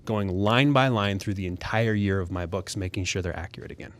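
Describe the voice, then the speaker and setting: A man co-hosting a podcast, telling a long story in a casual, animated way and acting out other people's voices. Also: sits low, brisk. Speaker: podcast co-host.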